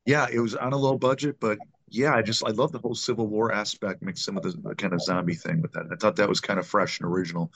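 Man, podcast co-host, rapid chatty storyteller, lowish voice. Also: steady tone, vocal fry, fairly bright tone, no echo. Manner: quick, chatty anecdote teller. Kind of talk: casual podcast chat.

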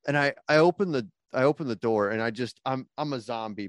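A man's voice: mid-range voice, fast talker, dry recording. A man, a band frontman, telling road stories as a guest in a casual podcast chat and acting out what people said. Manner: animated storyteller, acts out quotes.

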